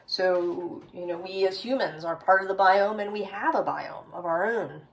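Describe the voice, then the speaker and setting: A woman's voice: lowish voice, moderate pace, vocal fry, distant mic, slight background noise, low-quality recording. A woman giving a tarot reading, musing aloud with frequent "right?" tags. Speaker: tarot reader.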